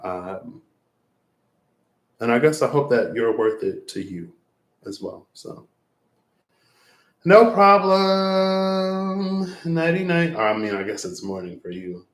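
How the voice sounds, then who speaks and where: A man with a deep, low voice talks on in a loose, rambling way. He reflects aloud as a tarot reader wrapping up a long stream, breaking into laughs now and then. The sound carries a roomy echo. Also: unhurried, long pauses. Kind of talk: late-night livestream wrap-up chat.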